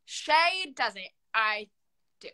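A young woman with a bright, clear tone and a slightly high voice, chatting on a phone live stream. She teases in a playful, mock-dramatic way. The talk is loose and casual. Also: lively intonation, very slow, rough recording. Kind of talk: casual chat. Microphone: phone on a live video call.

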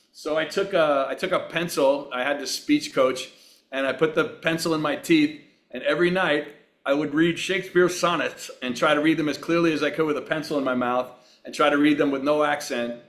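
A middle-aged man from Long Island telling wry, relaxed anecdotes as a guest in a casual interview. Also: a little high, a little fast. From Long Island, New York. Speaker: actor and racer, guest.

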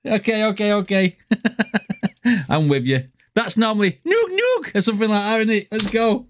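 A man's voice: high voice, moderate pace. A man from north-west England, hosting a reaction video, laughing a lot and explaining slang to his viewers. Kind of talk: casual reaction commentary.

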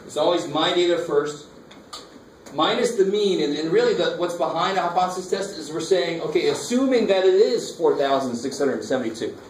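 A man's voice: on the high side, expressive, a little fast. A man teaching a math lecture, talking casually and asking the class questions. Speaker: math instructor. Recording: echoey classroom from far off, faint noise.

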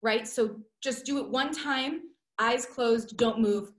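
A young woman teaching an online dance class over a video call, playful and energetic, counting out the beats. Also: on the high side, slow. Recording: roomy echo.

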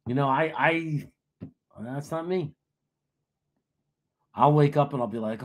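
Brief: New man, sports stream host, slightly high husky voice, joking and boastful banter. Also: unhurried, long pauses. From New York. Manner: joking, boastful, laughs often. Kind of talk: casual live-stream banter.

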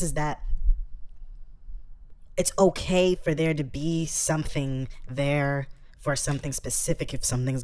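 Low-voiced woman ranting crudely. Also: darkish tone. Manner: rambling, provocative, crude rant. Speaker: vlogger. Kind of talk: comedic rant vlog.

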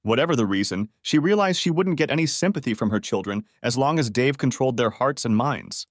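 A man narrating a story audiobook in an even, matter-of-fact scripted reading. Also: medium pitch, a little fast, dry recording, clean studio sound.

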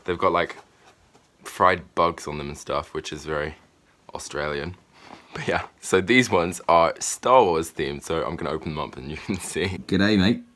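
A man's voice: a bass voice, moderate pace. A man, chatting casually and cheerfully through a weekly vlog, with rambling restarts. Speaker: vlogger. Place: out and about in a city, on streets and indoors. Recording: background music playing loudly.

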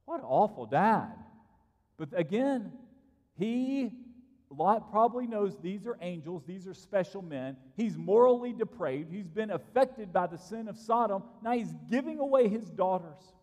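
A man's voice: high-pitched, expressive, measured pace, darkish tone. A man preaching a sermon in a church, emphatic and repeating key phrases for stress. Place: church sanctuary. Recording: long reverb from a church hall.

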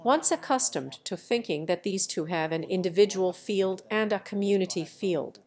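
A woman's voice: mid-range voice, moderate pace, darkish tone. Woman reading a translated lecture.

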